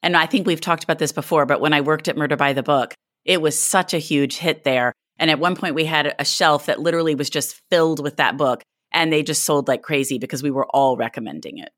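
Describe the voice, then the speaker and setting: Woman host, very low voice, enthusiastic, dry close recording. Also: a little fast, few pauses, fairly bright tone, dry recording. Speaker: interviewer host. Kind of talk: casual interview chat.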